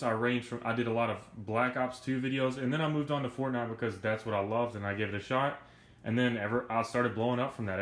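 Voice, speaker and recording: A young man talking casually and earnestly to his viewers in a vlog, energetic and a bit out of breath, with lots of slang. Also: mid-range voice, reverberant. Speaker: YouTuber.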